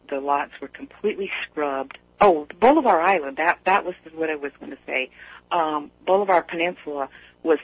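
A man's voice: a little high, husky, no echo. A man on a call-in radio show, rambling in casual chat with many fillers and restarts, heard over a phone line.

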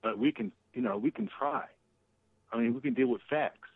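A man's voice: medium pitch, expressive, normal speed, vocal fry, husky, dry recording. A man calling in as a guest to a casual political talk show, emphatic, swearing and repeating himself. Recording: tinny phone line.

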